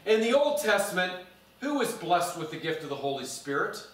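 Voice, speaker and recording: Guy preaching in church, kinda high voice, stretches words for emphasis, mic far off, really echoey. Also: very animated, fairly bright tone. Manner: emphatic, drawn-out stresses on key words. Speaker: pastor. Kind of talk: sermon.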